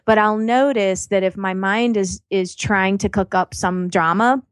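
A woman's voice: medium pitch, fairly even intonation, unhurried, no room sound. Emphatic, encouraging woman guest, dry close sound, casual chat. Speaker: podcast guest.

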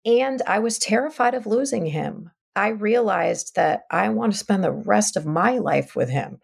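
A woman's voice: mid-range voice, lively intonation, a little slow, creaky, slightly rough. A middle-aged woman, a podcast guest, telling a painful family story in a candid, heartfelt way, trailing off and restarting her thoughts. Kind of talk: emotional personal interview.

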